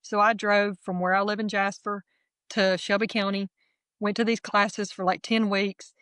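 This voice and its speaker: A middle-aged woman, candidly telling her personal testimony as a guest in a lively, self-deprecating way. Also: mid-range voice, moderate pace, no room sound.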